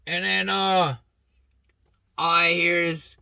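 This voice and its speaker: A young man with a high, bright, edgy voice tells a wild story straight to the listener. He's blunt and swears constantly, and he jumps into the quoted lines with sudden shouts. The sound is dry and close. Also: slow, vocal fry, pauses often, no echo. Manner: blunt, heavily profane, animated. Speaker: host. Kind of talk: casual storytelling monologue.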